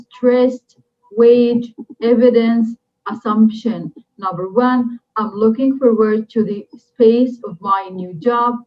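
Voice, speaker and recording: Slow, deliberate woman teaching vocabulary. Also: on the high side. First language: Arabic. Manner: slow and deliberate, repeats each vocabulary word three times for drilling. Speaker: English teacher. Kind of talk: recorded classroom lesson. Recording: dull lo-fi recording.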